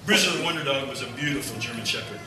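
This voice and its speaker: A male pastor preaching a sermon, telling a family story in a folksy, animated way. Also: medium pitch, fast, noisy background. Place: church sanctuary. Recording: echoey church hall from far off.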